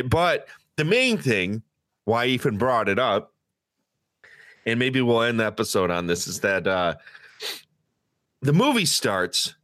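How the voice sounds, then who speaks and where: Male podcast co-host, high-ish, bright, lively storyteller; dry close sound. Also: no echo. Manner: animated, profane, acts out quotes in a high loud voice. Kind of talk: casual storytelling chat.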